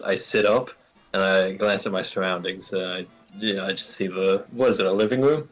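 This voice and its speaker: A man playing a tabletop role-playing game, describing his character's actions in a gruff, swearing manner. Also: deep voice, fairly even intonation, normal speed, soft background music. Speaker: player. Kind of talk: casual tabletop role-play.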